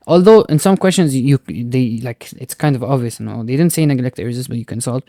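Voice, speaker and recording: A man's voice: medium pitch, fast, few pauses, dark tone, no room sound, studio quality. A male physics teacher walking through a recorded tutoring lesson step by step, often checking in with "right?" and "okay?" and slipping in Arabic words.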